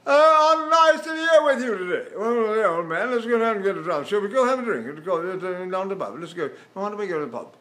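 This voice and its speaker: A man's voice: sits high, lively intonation, a little fast, hardly any pauses, bright, forceful tone. An older man doing a jolly British pub-goer. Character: chatty British man inviting a friend to the pub.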